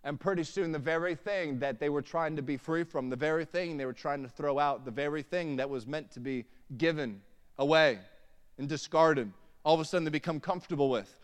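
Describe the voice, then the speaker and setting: A man's voice: on the high side, fairly quick, smooth. A man in his thirties preaching a sermon, mixing humorous family stories with emphatic preaching in a church hall. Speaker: pastor. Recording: long hall reverb.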